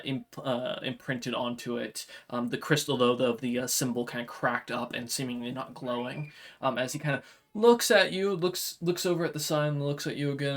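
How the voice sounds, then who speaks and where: A man's voice: mid-range voice, a bit bright. A man narrating as game master of a tabletop game, rambling with many fillers. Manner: rambling narration full of "like" and "kinda".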